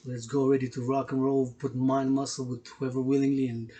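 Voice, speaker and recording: In a mid-range, mellow voice, a man speaks fairly quickly and in a level tone. He's a workout video host whose vlog monologue is rambling and emotional, full of repetition, free swearing and street slang.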